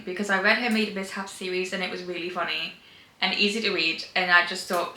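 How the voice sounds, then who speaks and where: Young female book vlogger, emphatic, rambling, bright and sharp tone, room echo. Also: mid-range voice, fairly quick. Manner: gushing, emphatic, rambling with restarts. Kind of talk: casual reading wrap-up chat. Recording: roomy echo.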